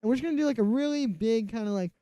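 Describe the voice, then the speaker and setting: A man's voice: very high-pitched, racing, no echo. A man teaching music production in a casual tutorial, rambling and filling his talk with "like". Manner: rambling, fills speech with "like". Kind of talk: casual screen-recorded tutorial. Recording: music track playing under the voice. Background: electronic music playing loudly.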